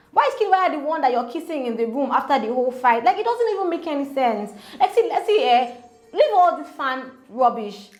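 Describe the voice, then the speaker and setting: A woman with a Nigerian accent recapping a reality show in a casual vlog, animated and acting out what others said. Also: high voice. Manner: animated, acts out quoted housemates. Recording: echoey room, faint music.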